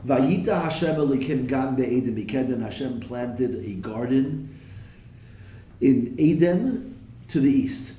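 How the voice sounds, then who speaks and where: Man, Torah teacher, live class, quotes Hebrew and translates, asks the students questions, mellow tone, echoey room. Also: medium pitch, lively intonation, a little slow, distant mic. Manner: slips in jokes. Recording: echoey room with faint noise.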